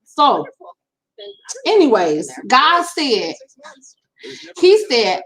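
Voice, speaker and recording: A woman's voice: fairly high pitch, lively intonation, a little slow, a bit bright, rough recording. A middle-aged woman telling a personal story in a casual, earnest way, often repeating herself and speaking straight to her viewers. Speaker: vlogger. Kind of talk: casual storytime while doing makeup.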